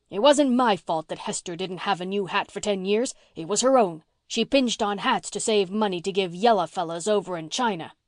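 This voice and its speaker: A woman voicing a blustering, gruff old farmer man in an audiobook, bossy and teasing, repeating himself as he talks. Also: mid-range voice, no room sound, clean studio sound, natural voice. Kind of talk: audiobook reading.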